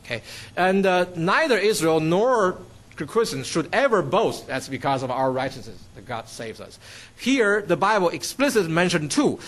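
Guy giving a bible study sermon, voice a bit on the high side, lots of uhs and restarts, keeps saying okay. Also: sing-song, moderate pace, fairly bright tone. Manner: explanatory, frequent fillers and restarts, often checks in with "okay". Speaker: Bible teacher.

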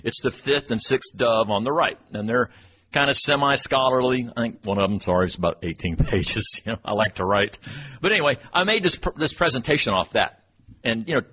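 A man's voice: medium pitch, lively intonation, a little fast, sharp tone, breathy edge. A man from Texas giving a folksy, self-deprecating storytelling talk at church, chuckling as he goes. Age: 40s. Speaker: church speaker and webmaster. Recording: dull lo-fi recording with faint noise.

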